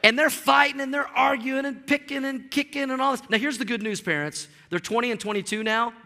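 A middle-aged man, a pastor, preaching an animated, storytelling sermon in a church, often repeating words as he builds up steam. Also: very high-pitched, a little fast, in a large hall. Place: church sanctuary.

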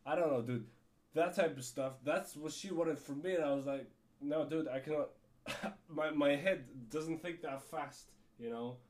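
A man's voice: a little high, measured pace. A man with a cold telling a rambling story on his podcast, full of fillers, restarts and casual swearing. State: has a cold. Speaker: podcast host.

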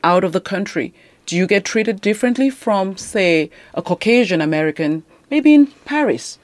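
Woman radio host, low and animated, quick affirmations, dry studio sound. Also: no echo. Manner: lively, affirming, interjects often. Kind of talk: radio panel discussion.

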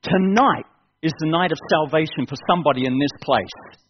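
A man's voice: a little high, normal speed, a little hiss or hum. A man preaching a fervent evening sermon at a church service, building to urgent appeals and repeating his key phrases. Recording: dull lo-fi sound.

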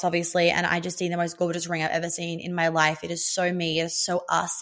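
Young woman vlogging, rambly and excited, kinda low voice. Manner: excited, rambling, swears casually. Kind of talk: casual storytelling.

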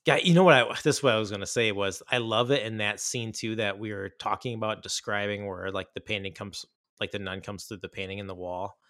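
A man's voice: fairly low pitch, a little fast, hardly any pauses, a bit bright, dry recording, clean studio sound. A man co-hosting a casual chat about horror films, enthusiastic and rambling, with many fillers and restarts. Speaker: podcast co-host.

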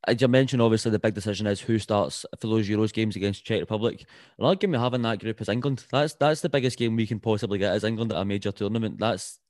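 Scottish podcast co-host, quick blunt football talk, dry close mic. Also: male voice, on the low side, a little mellow, no echo. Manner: blunt and sweary. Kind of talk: casual football chat.

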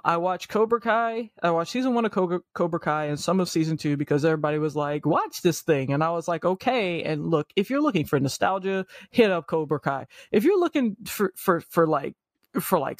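A man's voice: on the high side, no room sound, clean studio sound. A man in casual chat about movies and shows, ranting with lots of swearing and jokey mock voices.

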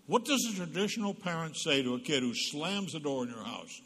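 Husky man joking in a reverberant church hall. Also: on the high side, lively intonation, a little fast, fairly bright tone. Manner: jokey storyteller who acts out quotes. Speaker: guest speaker, psychologist. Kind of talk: humorous parenting talk at church. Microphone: PA microphone.

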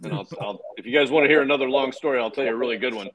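Relaxed storytelling man, mid pitch. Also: rapid-fire, highs cut off, a crowd in the background. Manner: relaxed storyteller, swears casually, trails off with fillers. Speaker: guest filmmaker and actor. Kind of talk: casual interview chat.

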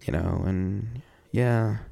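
A man's voice: on the low side, slow pace, creaky, mellow, dry recording. A man in a casual personal monologue, rambling and reflective, leaning on "you know" and swearing often, with wry sighs and laughs between thoughts.

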